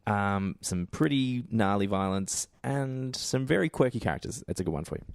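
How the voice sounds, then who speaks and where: Co-host, man, low voice, dry recording, thoughtful and measured. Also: lively intonation, creaky, no echo. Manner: thoughtful, searching for words. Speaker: podcast co-host. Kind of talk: casual chat.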